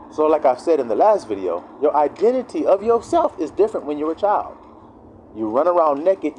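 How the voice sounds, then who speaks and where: A man giving a casual, animated preaching monologue who acts out the voices of the people he quotes. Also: mid-range voice, slight background noise, low-quality recording. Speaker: online preacher.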